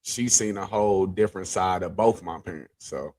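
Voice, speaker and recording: A man co-hosting a podcast, talking in a relaxed, reflective way and asking his co-host questions. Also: low voice, moderate pace. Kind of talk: casual chat.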